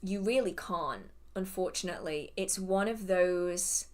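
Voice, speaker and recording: A woman's voice: on the low side, expressive, unhurried. Chatty English woman hosting a live Q&A. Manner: chatty and self-deprecating, laughing often; hums and mutters to herself while scrolling. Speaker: host of a live witchcraft Q&A. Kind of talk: casual livestream Q&A.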